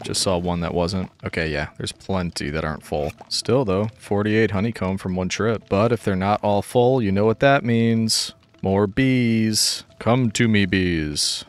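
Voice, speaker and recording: A man narrating his gameplay casually with dry, wry humor, talking to the animals as he goes. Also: deep voice. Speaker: gaming YouTuber.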